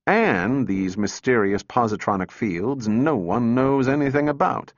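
A gruff senior male engineer talks brisk and impatient, with a dry sardonic edge, as a man puts him on. His mid-range voice sits in a dry, slightly dull audiobook recording. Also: mid-range voice, expressive, no echo, natural voice. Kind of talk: audiobook character reading.

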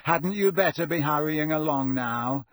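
A man voicing a sneering, mocking teenage boy who drawls his lines slowly. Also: fairly high pitch, fairly bright tone, no echo, studio quality, voice pushed up. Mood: drawling sneer.

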